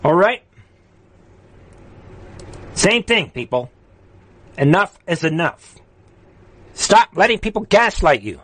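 A man's voice: high voice, very animated, slow, pauses often. A man hosting a political livestream, ranting fiercely and urging his viewers with repeated exhortations, then reading chat comments aloud. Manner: fiery, repetitive exhortations, swings from shouting to quiet.

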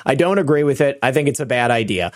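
A man's voice: mid-range voice, animated, quick pace. A man hosting opinionated political commentary, sarcastic and indignant. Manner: sarcastic, indignant, chuckling asides.

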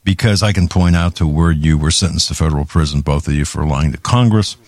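A man's voice: a bass voice, brisk, darkish tone, no echo. A man hosting a talk show, giving heated political commentary with many restarts and stumbles. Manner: heated, ranting, with frequent restarts.

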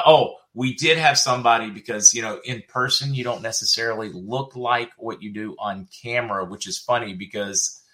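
A middle-aged man with a Southern US accent hosts a relaxed livestream and reads out viewer comments. His voice is bright and forward, at an ordinary pitch. He laughs easily and hops from one topic to the next. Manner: chatty, laughs often, jumps between comments. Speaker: host reading viewer comments. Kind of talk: casual livestream chat.

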